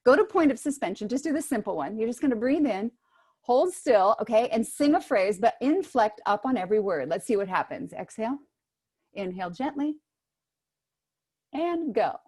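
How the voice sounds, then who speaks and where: A woman voice teacher giving brisk, encouraging instructions to singers in an online workshop, heard over a video call microphone. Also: fairly high pitch, sing-song, a little mellow, slightly rough. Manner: brisk, encouraging coaching with spoken demonstrations.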